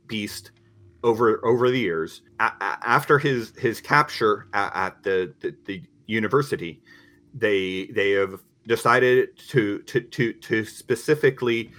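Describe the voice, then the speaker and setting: A man's voice: lowish voice, a bit bright. A man voicing a nervous middle-aged male lawyer who stutters and repeats words constantly.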